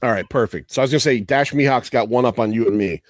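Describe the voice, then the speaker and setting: A man's voice: mid-range voice, quick pace, no room sound, studio quality. A man hosting a podcast, talking casually and profanely, rambling through trivia and laughing often. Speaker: podcast host.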